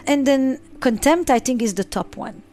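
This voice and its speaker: A woman's voice: high voice, normal speed, dark tone. A woman therapist answering interview questions, stressing points by repeating and listing words. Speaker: relationship therapist.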